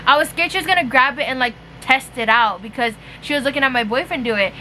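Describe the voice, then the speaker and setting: A young woman spills a story in a casual, chatty way, swearing freely and filling every pause with "like" and "you know". Her voice sits high and sounds bright and sharp. A faint hiss of noise runs underneath. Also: poor audio. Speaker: vlogger.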